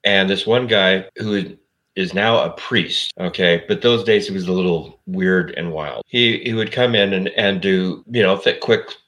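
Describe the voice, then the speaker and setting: Deep-voiced rambling middle-aged man. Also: unhurried, fairly bright tone, low-quality recording. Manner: rambling storyteller, self-interrupting. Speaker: show producer and co-host. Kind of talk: casual comedy podcast chat.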